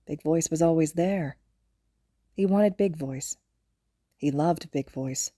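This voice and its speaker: A woman reading fan fiction aloud in a gentle, even storytelling manner. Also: sits low, takes it slowly, pauses often, no room sound, studio quality. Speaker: podfic reader.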